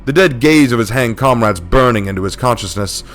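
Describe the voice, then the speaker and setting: A man telling a dark war story in a steady, dramatic scripted narration. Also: medium pitch, fairly quick.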